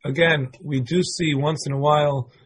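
A man's voice: a little high, steady tone, moderate pace, breathy edge. A middle-aged man teaching a Torah class in a casual, conversational way, thinking aloud as he explains the texts.

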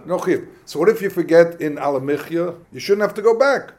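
A man teaches a Talmud class. He talks in a questioning, animated way, firing questions at his students. His tone stays lively throughout. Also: on the high side, brisk. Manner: questioning, animated, mixes Hebrew and Yiddish terms.

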